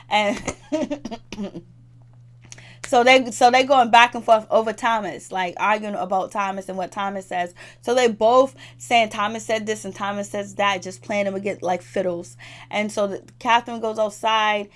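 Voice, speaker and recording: A woman's voice: mid-range voice, steady tone, moderate pace. A woman giving a casual, chatty recap of a reality TV episode, laughing often and acting out what the cast said. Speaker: TV show reviewer.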